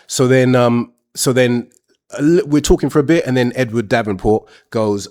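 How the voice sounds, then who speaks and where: A man's voice: medium pitch, fairly even intonation, moderate pace, a little mellow. A man hosting a show, telling a frank personal story in a blunt, rambling, casual way.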